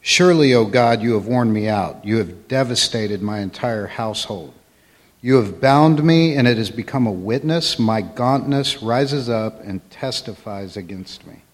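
Male class member reading verses aloud, steady and careful, with a long hall echo. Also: on the low side, unhurried. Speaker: volunteer scripture reader.

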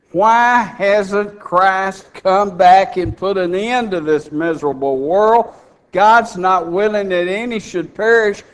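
A man preaching a radio sermon in a folksy, emphatic way, rising to loud fervent peaks. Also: sits high.

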